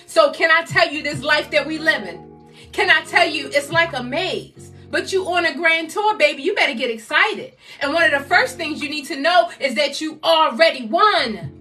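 A woman in her fifties from the United States, a motivational speaker giving a loud, exhorting live-stream talk that keeps repeating rallying phrases. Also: high-pitched, recorded from a distance. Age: 50s.

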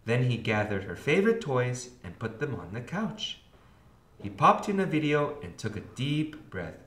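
A man, a kindergarten teacher, reading a storybook aloud to children with expressive storytelling. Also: medium pitch, normal speed. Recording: roomy echo.

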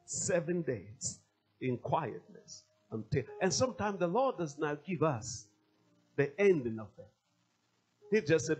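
A man's voice: on the high side, very animated, takes it slowly, darkish tone, slightly rough, faint music behind. A male pastor preaching a sermon, emphatic and repeating his key phrases.

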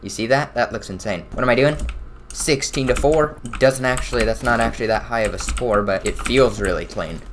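A young man casually commenting on his own shooter gameplay, excitable and quick to burst out loud. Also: mid-range voice, background noise. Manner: excitable, swings to loud outbursts. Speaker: gaming channel host.

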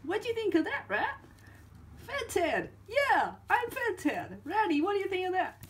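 A woman's voice: extremely high pitch, sing-song, moderate pace, pitched above the performer's own voice. A woman voicing a brash, relentlessly upbeat male American teddy bear cop in a homemade toy story, with a put-on American accent and chatty "like" talk. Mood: boastful. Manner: chatty, peppered with "like", overbearing cheer.

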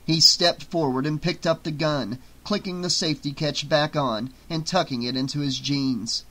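A man narrating an audiobook in a steady, dramatic storytelling manner. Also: medium pitch, measured pace, low-quality recording.

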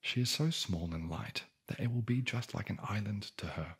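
A man whispering as a scheming old mother toad in a whispered role-play bedtime story, speaking softly and hushed. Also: on the low side, moderate pace, breathy edge. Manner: hushed, soft-spoken.

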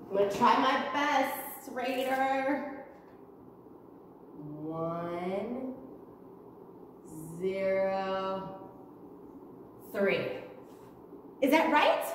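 A woman's voice: on the high side, a little hiss or hum. A woman teaching preschoolers from home, talking in a sing-song, child-directed way. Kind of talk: virtual preschool lesson. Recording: echoey room, far from mic, faint ambience.

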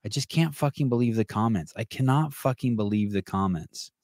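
A man's voice: mid-range voice, fairly quick, a little mellow, no echo, clean studio sound. A man hosting a podcast in casual chat, rambling and swearing often, with many restarts. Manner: rambling and profane, with frequent restarts. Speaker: podcast host.

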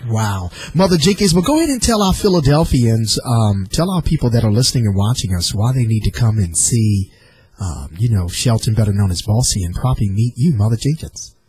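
A man's voice: lowish voice, expressive, fairly quick, a little mellow, husky. A man hosting a radio talk show, interviewing a caller in a friendly, affirming way. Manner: friendly, affirming, says "I know that's right". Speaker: radio host.

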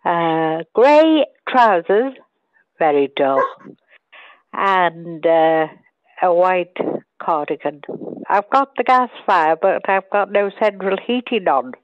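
A woman's voice: fairly low pitch, expressive, takes it slowly, dry recording, lo-fi sound. An older woman in a drama group, chatting from home in a hesitant, confused way. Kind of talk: casual group chat.

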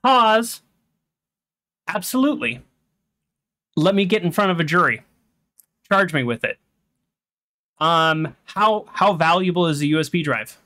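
A game streamer commenting over a playthrough in a lively voice that swings widely up and down. The delivery is heated and animated, with points argued out loud at length. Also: mid-range voice, unhurried, pauses often. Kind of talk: let's play commentary.

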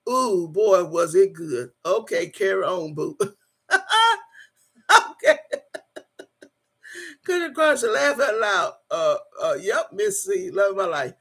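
A woman's voice: on the low side, measured pace, slightly rough. A woman hosting a casual livestream. She reads viewer comments aloud, laughs often and calls the viewers "y'all". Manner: urges viewers to like and subscribe. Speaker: channel host.

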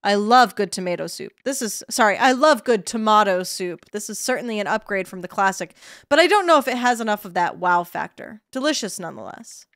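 A woman's voice: mid-range voice, lively intonation, brisk, fairly bright tone, no room sound, studio quality. A woman voicing a grumpy male TV chef judge in a mock British accent, clipped and critical. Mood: judging.

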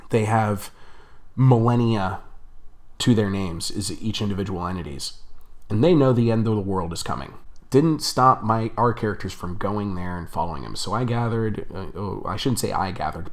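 A young man telling a rambling story on his vlog, chatty and laughing often. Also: lowish voice. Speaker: vlogger.

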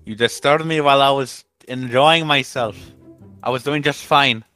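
Man doing a grumpy mexican-accented cook, bright tone, irritated, music underneath. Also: medium pitch, normal speed, lightly acted. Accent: put-on Mexican Spanish. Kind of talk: Minecraft roleplay.

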